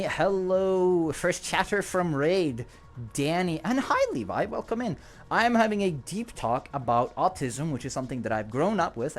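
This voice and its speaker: A man with a non-native English accent chatting casually on a livestream, rambling, joking and laughing often. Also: medium pitch. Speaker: streamer.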